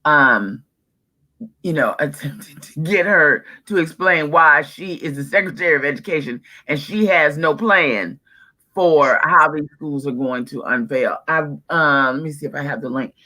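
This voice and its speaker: A woman co-hosting a podcast gives her strong opinions in an easy, casual chat. She talks slowly and deliberately. Her voice has a bright, forward tone. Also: sits low. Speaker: podcast co-host.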